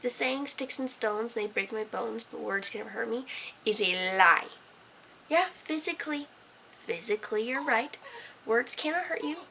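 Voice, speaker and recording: Teen girl, slightly high voice, late-night rambling vlog, sarcastic, swings from whispers to bursts of energy. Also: moderate pace, vocal fry, bright, forceful tone, a little hiss or hum, low-quality recording. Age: teens. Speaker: vlogger. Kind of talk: casual late-night talk to camera. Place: own room at night, lit by a desk lamp.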